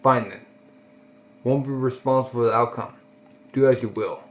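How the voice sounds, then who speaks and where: A man's voice: mid-range voice, normal speed, close to an everyday voice. A man doing a stern, scolding army doctor. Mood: exasperated. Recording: dull lo-fi recording.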